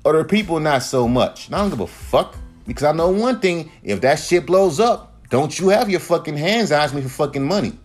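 A man's voice: fairly high pitch, moderate pace, hardly any pauses, soft background music. Man in his thirties, ranting casually. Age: 30s. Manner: profane, heated, animated storytelling. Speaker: podcast host. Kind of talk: casual monologue rant.

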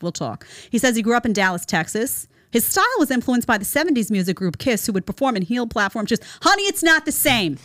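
A woman hosts a reaction commentary show, her pitch swinging widely as she reacts with incredulity. She talks emphatically and sarcastically, calling her subjects "honey." Her voice sounds dry and close, with little room echo. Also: a bit bright. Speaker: show host.

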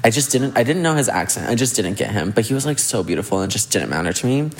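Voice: medium pitch, very animated, fast. A drunk person rambling through a story in casual chat, peppering every phrase with "like" and acting out the dialogue. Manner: rambling, heavy use of "like"; acts out quoted dialogue.

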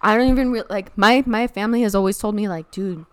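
Brief: young female podcast co-host, loose rambling chat, heavy filler words, loud laugh. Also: mid-range voice, fairly even intonation, fast talker, heavy background noise. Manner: rambling, says "like" and "dude" a lot, laughs loudly. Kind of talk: casual chat.

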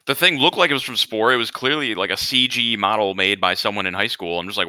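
Man, podcast host, casual chat, dry remarks, forceful bright tone, deep voice. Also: quick pace, clear, resonant tone, dry recording.

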